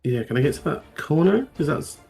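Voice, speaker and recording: A man's voice: a little high, very animated, brisk, vocal fry, dark tone, slightly rough, soft background music. Eager male player. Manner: eager, enthusiastic. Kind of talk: tabletop game play.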